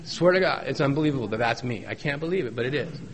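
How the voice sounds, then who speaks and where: A man's voice: mid-range voice, expressive, fast. A middle-aged man giving a personal testimony at a recovery meeting, folksy and joking, repeating key phrases for emphasis. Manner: folksy storytelling with joking asides.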